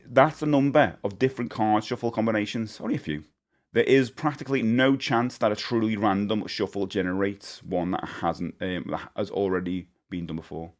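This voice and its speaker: A man chatting casually to his live-stream viewers. He rambles and corrects himself as he goes, and he laughs often. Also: on the low side. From United Kingdom.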